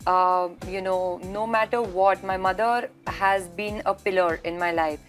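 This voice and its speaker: A woman's voice: medium pitch, fairly even intonation, a little slow, soft background music. A woman actress answering interview questions over a video call, earnest and reflective, often restarting her sentences. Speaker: actress guest.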